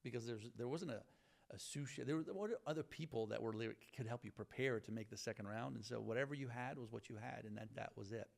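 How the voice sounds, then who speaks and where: A middle-aged man with a Southern US accent shares his memories in a conversational interview. His voice has a gravelly edge and sits at an ordinary pitch, and he sounds earnest and grateful as he often restarts his sentences. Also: quick pace. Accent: Southern US (Virginia). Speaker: guest.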